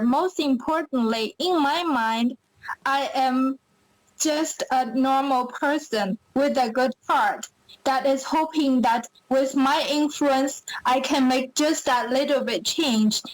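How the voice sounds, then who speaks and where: Young woman, Chinese accent, high voice, upbeat chatty podcast guest, dry close sound. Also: no room sound, poor audio. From China. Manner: upbeat, chatty with many fillers. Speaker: pageant winner guest. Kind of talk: podcast interview.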